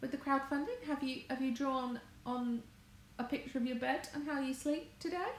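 Here the married English crafts vlogger has a high-pitched voice and a moderate pace. She rambles through casual livestream chat from her home conservatory, wandering off track and fixing her own words. Echo and faint background noise fill the room.

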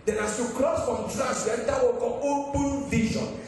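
A man's voice: very high-pitched, fairly even intonation, normal speed, darkish tone. A man, a pastor preaching an emphatic sermon with call-and-response and sing-song rises. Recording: echoey hall from far off with faint music.

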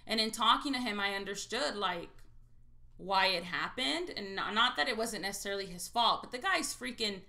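A woman's voice: medium pitch, animated, normal speed, creaky, bright, forceful tone. A woman hosting a live stream, chatting casually and telling stories in a blunt, salty way while she reads viewer names. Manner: blunt and salty, swears freely; chatty storyteller. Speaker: livestream host scratching lottery tickets.

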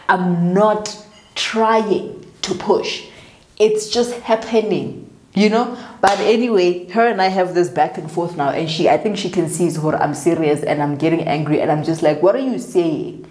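A South African woman with a low, deep-set voice tells her story casually and with lively energy, slipping into the voices of the people she quotes. The room around her is noticeably echoey. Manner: animated, chatty, acts out others' lines. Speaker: vlogger.

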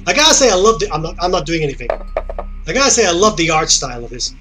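A man's voice: on the high side, sing-song, quick pace, music in the background. A young man chatting casually and rambling as he plays a game. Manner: chatty, rambling, self-interrupting. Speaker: gamer. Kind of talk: casual gameplay commentary.

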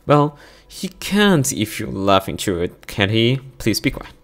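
A man's voice: fairly low pitch, sing-song, measured pace, fairly bright tone, full character voice. A man voicing a stern, exasperated young woman in a visual novel, scolding and fed up.

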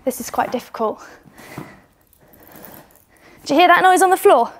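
Speaking at a moderate pace with lively intonation, this young woman's voice sits high, and her accent is British. Indoors at home, she guides children through gymnastics, cheering them on while slightly winded from demonstrating.

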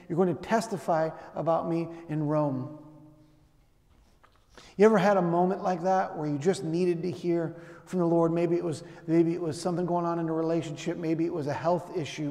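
A middle-aged pastor with a high, mellow voice preaches a sermon in a church sanctuary, telling stories conversationally and slipping in acted asides. Long hall reverb fills the recording.

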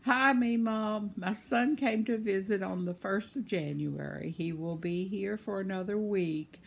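A woman's voice: mid-range voice, a little slow, gravelly, breathy edge. A woman, chatting casually and laughing often as she reads viewer comments on her vlog. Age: 70s. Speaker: vlogger.

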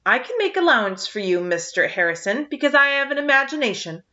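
A woman's voice: sits high, sing-song, fast talker, sharp tone, pitched above the performer's own voice, exaggerated voice. A woman reading aloud voices an eager, imaginative teenage girl with an earnest manner, recorded on a dull lo-fi track.

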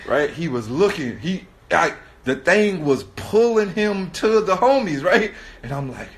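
A man's voice: high-pitched, animated, a little slow. A man in his thirties telling a story in casual street slang, laughing often and repeatedly asking "right?". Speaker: host.

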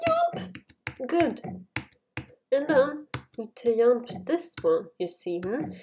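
An excitable woman chats slowly through casual gameplay commentary, her higher voice swinging widely in pitch. Her English has a non-native phrasing, and she shouts when she jumps. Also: noisy background. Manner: excitable, talks to the viewers while playing, shouts at jumps. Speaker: gaming YouTuber.

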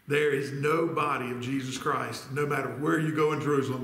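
A man's voice: on the high side, a bit bright, roomy sound. A man preaching a sermon as pastor, reading scripture aloud and putting questions to his congregation. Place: church sanctuary.

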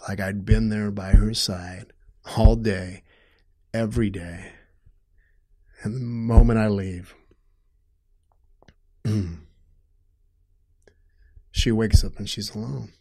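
Middle-aged man, lowish voice, interview guest; halting, emotional storytelling, gets heated. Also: steady tone. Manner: emotional, halting, restarts often, grows loud when upset. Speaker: guest telling his story.

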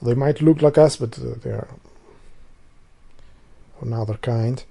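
The speaker is an Albanian vlogger with Albanian as his first language, whose mellow, medium-pitched voice is creaky and slightly rough. He goes at a measured pace, rambling casually, swearing, and restarting sentences when he loses his thread.

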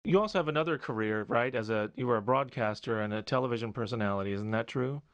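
Man asking polite, halting interview questions. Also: medium pitch, smooth, no room sound. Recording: dull, dry lo-fi recording.

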